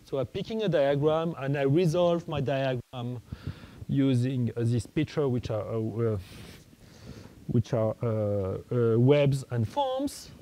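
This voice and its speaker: Halting male math lecturer, mellow voice. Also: medium pitch, animated, rough recording. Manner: halting, many restarts and fillers, thinking aloud.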